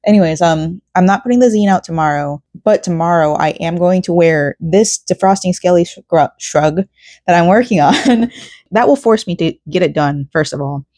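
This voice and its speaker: A woman's voice: on the low side, moderate pace, mellow, no echo, studio quality. A young woman chatting casually while crafting at home, rambling and emotional, with frequent laughs. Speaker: crafting vlogger. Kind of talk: casual rambling vlog chat.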